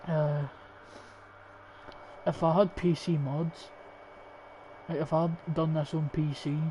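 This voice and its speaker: Young Scottish man, flat-voiced. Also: on the high side, slow. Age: young adult. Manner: swears often, rambling and opinionated. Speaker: gaming streamer. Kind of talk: casual gameplay commentary. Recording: dull lo-fi stream mic with faint hiss.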